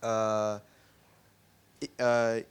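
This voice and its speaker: A young man explains his argument on a panel, lecturing and pausing to search for words. He speaks slowly, and his voice sounds smooth and clear. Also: fairly low pitch, monotone. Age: young adult. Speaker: panel guest.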